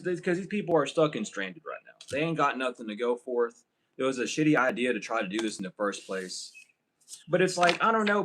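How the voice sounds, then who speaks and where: A tarot reader, a man with a medium-pitched, fairly bright voice, gives a casual spiritual reading to camera. He rambles and swears, often breaking into laughter, on a low-quality recording.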